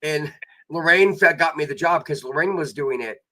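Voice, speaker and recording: A man's voice: on the high side, moderate pace, sharp tone. A man guest telling rambling anecdotes in casual chat, with many fillers and quoted voices.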